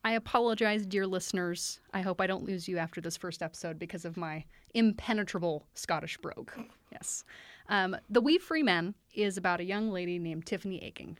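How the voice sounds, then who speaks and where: Woman, podcast co-host, playful, enthusiastic, mid pitch, dry sound. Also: dry recording. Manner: playful, enthusiastic, quick to laugh. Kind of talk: casual book discussion.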